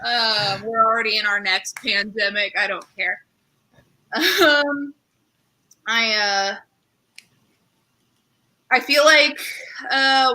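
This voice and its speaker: Bright and forceful, her slightly high voice carries a young woman's comedy routine despite poor audio. A stand-up comic and show host, she wanders through self-deprecating jokes with plenty of fillers and acted-out characters.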